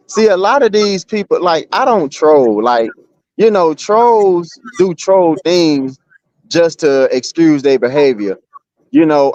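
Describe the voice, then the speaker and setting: A man in a casual streamed argument, rambling and restarting, blunt and full of street talk. His voice sits a little high, and the sound is muffled and lo-fi. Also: a little mellow, no echo. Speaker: guest.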